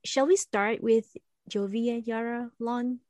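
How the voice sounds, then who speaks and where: A woman's voice: on the high side, fairly even intonation, unhurried, darkish tone, no room sound. Chatty woman hosting a podcast. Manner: chatty, playful, laughs easily. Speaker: podcast host. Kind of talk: casual podcast chat.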